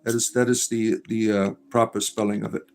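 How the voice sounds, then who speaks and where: A middle-aged man hosts a casual livestream, reading viewer comments aloud and rambling with many fillers. His voice is on the low side and darkish, with a flat delivery at a fairly quick pace.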